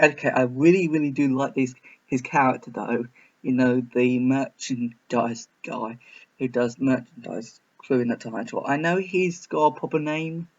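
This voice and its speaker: A man reviewing a film in a casual reaction video, rambling and hesitant with many restarts. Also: on the high side. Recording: slightly muffled.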